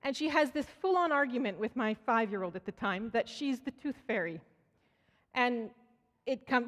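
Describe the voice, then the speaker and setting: A woman's voice: a little high, expressive, fairly quick, fairly bright tone. Woman preaching in a reverberant church. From Canada. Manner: storytelling, acts out quoted voices, frequent restarts. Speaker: speaker at church. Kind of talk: conversational sermon. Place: church sanctuary. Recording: church hall with long reverb.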